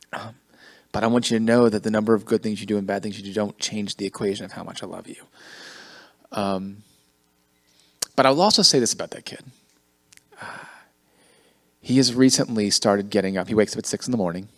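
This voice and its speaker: A man in his forties leading a men's ministry gathering, talking in a sincere, self-deprecating way. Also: lowish voice. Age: 40s. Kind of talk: casual group talk.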